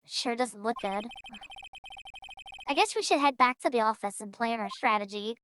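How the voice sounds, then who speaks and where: A woman's voice: fairly high pitch, moderate pace, a bit bright, a little hiss or hum, close to an everyday voice. A woman voicing a worried young male defense lawyer with a wry, downbeat manner.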